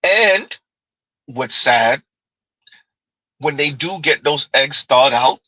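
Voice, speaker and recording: Bright, sarcastic commentary man. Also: mid-range voice, animated, slow pace, no echo, low-quality recording. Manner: sarcastic, talks back to himself. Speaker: commentary host. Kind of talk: reaction commentary.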